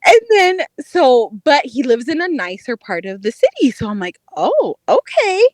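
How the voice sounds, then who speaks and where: At a moderate pace, a young podcast co-host who covers dating tells a story in casual conversation, swearing and laughing throughout. Her high voice jumps and drops with the story's twists, captured in a close, dry recording with no room around it.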